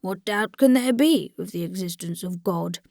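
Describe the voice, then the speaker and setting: A woman's voice: on the low side, lively intonation, normal speed, gravelly, a little mellow, no room sound, clean studio sound. A woman reading the part of a weary, good-natured old priest who rattles off churchly phrases in a rote rush. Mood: hurried, patient.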